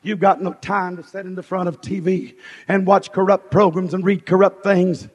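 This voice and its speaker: A man preaching a fiery revival sermon, shouting in rhythmic repeated phrases that swell and drop. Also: high-pitched, fairly even intonation, moderate pace, lo-fi sound. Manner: shouting, rhythmic repetition, rising and falling in bursts. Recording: long reverberant hall.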